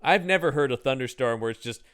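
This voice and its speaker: Lively smooth-voiced man riffing on a movie. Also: mid-range voice, quick pace. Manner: jokey, acts out bits in silly voices. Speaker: podcast co-host. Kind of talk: casual comedic movie review chat.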